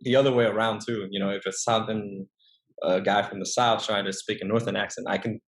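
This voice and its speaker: A young man from northern Vietnam with a Vietnamese accent, chatting as an interview guest, often pausing and restarting his sentences. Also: lowish voice, fairly even intonation. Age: young adult. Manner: hesitant, many restarts and fillers. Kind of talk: casual interview chat.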